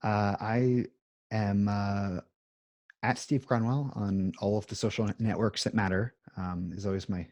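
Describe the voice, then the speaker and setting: Low-voiced man, rambling and self-deprecating. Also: steady tone, measured pace, darkish tone, dry recording. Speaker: interview guest. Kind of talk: casual chat. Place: home music room.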